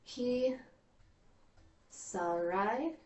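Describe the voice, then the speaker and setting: A woman's voice: a little high, expressive, drawn-out words, a little mellow, reverberant. A woman student in a language class, tentatively sounding out words and unsure of their meaning.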